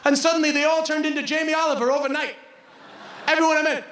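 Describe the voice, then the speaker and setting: A man in his forties doing stand-up, telling a story in an animated way, laughing and swearing as he goes. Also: very high-pitched, fast talker, slight background noise. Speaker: stand-up comedian. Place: comedy venue stage. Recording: roomy live venue from a distance.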